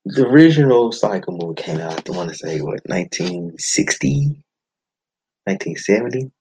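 A man hosting a podcast, giving a blunt, animated movie-review monologue with frequent swearing. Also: low-pitched, moderate pace, slight background noise, low-quality recording. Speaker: podcast host.

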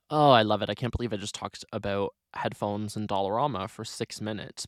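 A young man hosting his own solo podcast, talking in an animated, chatty way with lots of "like" fillers. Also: lowish voice, no echo, clean studio sound. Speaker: podcast host.

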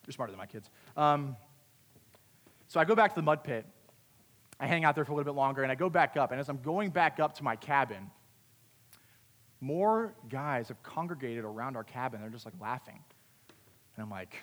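A young man giving a youth talk, telling a funny story about himself in an animated way. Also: mid-range voice, quick pace. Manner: animated, self-deprecating storyteller. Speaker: youth camp speaker. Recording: long hall reverb.

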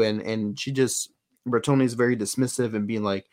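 A man co-hosting a podcast in casual chat, animated and acting out quotes in voices. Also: fairly low pitch, a little fast. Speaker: podcast co-host.

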